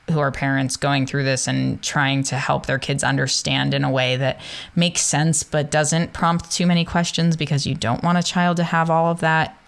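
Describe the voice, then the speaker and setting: A podcast host chats casually, asking long questions that wander and circle back. The voice is gravelly yet smooth and resonant, at a middle pitch. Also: a bit bright. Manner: rambling questions with many fillers. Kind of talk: casual interview conversation.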